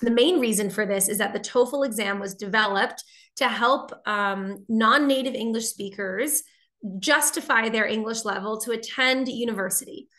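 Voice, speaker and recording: Bright-voiced American woman teaching online. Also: fairly high pitch, normal speed. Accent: General American. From Boston, United States. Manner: chatty, answering viewer questions as she goes. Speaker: TOEFL teacher. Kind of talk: live webinar lesson.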